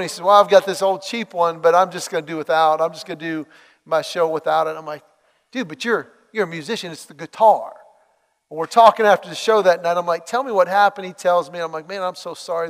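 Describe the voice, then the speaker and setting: A man preaching a sermon, telling a story with lively acted-out dialogue. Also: high voice, big-room sound. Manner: animated storytelling, acts out quoted dialogue.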